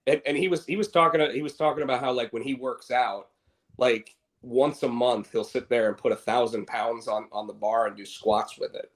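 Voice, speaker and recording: A man's voice: mid-range voice, steady tone, normal speed. A man co-hosting a podcast, chatting casually and rambling with many restarts. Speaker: podcast co-host. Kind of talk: casual chat.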